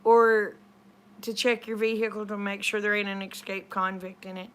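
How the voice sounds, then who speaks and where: A woman's voice: medium pitch, little pitch movement, moderate pace, smooth. A middle-aged woman, retelling a conversation in a chatty, rambling way. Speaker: vlogger. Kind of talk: casual storytelling.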